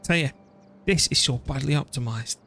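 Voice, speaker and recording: A man's voice: medium pitch, moderate pace, fairly bright tone, slight background noise. Chatty man streaming a strategy game. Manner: chatty, self-deprecating, talks to his PC and game while playing. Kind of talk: live gameplay commentary.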